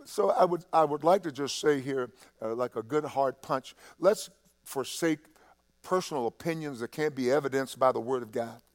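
A man preaching a sermon, halting and repeating himself in quieter stretches, building to loud, impassioned preaching. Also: mid-range voice. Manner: halting, with many restarts and fillers.

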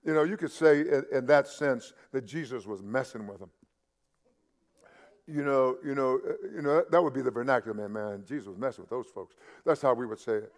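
A man pastor preaching a sermon, often restarting words and building to loud, emphatic peaks. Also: medium pitch, a little fast.

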